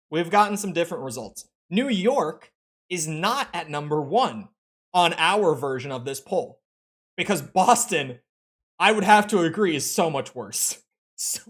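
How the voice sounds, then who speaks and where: A young man with an American Midwestern accent chatting casually on a live game stream, opinionated and rambling. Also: on the high side. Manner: opinionated, animated, rambling with restarts.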